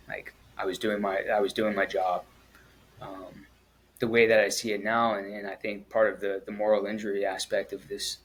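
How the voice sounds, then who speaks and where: Husky-voiced man recounting his experience. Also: fairly low pitch, a bit bright, low-quality recording. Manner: halting and earnest, with frequent pauses and restarts. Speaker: guest, former Marine at the Kabul airport evacuation. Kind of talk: personal storytelling in an interview.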